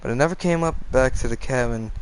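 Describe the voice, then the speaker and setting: A man narrating a frightening tale in an offhand, conversational way. His voice sits at an ordinary middle pitch. He breaks off into side comments and bends his swearing into mild stand-ins. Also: quick pace, a little hiss or hum, low-quality recording. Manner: casual, swears with softened words, goes off on tangents. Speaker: storyteller reading scary stories. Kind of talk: casual narration of a scary story.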